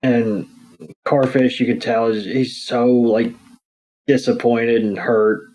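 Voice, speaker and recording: Chill guy slowly going over a cartoon ep, swears for laughs. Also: medium pitch, level tone, a little mellow, rough recording. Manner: laid-back, crude joking. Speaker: podcast co-host. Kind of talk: casual episode recap.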